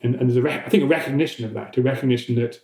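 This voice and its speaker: A man of middle pitch explains history unscripted for a podcast, stumbling through fillers, repeated words and false starts. His voice carries a noticeable room echo. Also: warm tone. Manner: halting, many fillers and restarts. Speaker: historian answering listener questions.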